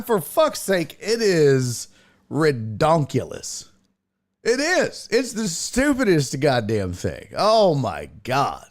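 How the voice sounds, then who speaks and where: A man hosting a casual sports live stream, reading viewer comments and ranting with profane, exasperated outbursts that break into yelling. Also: a little high, wildly swooping pitch, slow pace.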